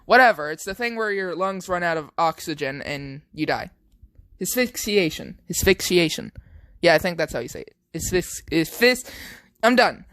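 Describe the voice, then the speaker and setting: A young man voicing a stern young special forces operative, curt and deadpan. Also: high-pitched, moderate pace, no echo, studio quality.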